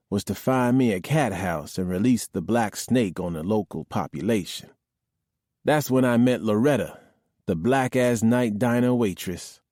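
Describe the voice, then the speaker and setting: A man reads a novel aloud in a crude, swaggering first-person voice. His pitch sits mid-range for a man. The recording is close and dry. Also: mellow, dry recording. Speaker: audiobook narrator. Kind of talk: scripted audiobook narration.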